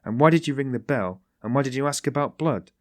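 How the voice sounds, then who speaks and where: A man's voice: mid-range voice, fairly quick, dry recording, studio quality, voice pushed up, natural voice. A man voicing a sly, genial detective who teases in a mocking, ironic way. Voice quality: tittering, mocking.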